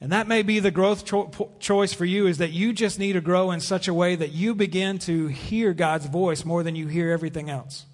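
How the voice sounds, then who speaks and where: A man preaches in an earnest, paused way. His voice sits fairly high for a man. The sound carries the long reverb of a church sanctuary. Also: steady tone. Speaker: pastor. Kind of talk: sermon.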